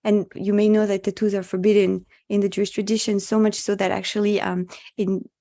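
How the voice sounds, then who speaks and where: A woman's voice: mid-range voice, level tone, fairly quick, warm tone. A woman rabbi giving an earnest, reflective spoken teaching at an online meditation session, mixing in Hebrew religious terms, heard over a video call.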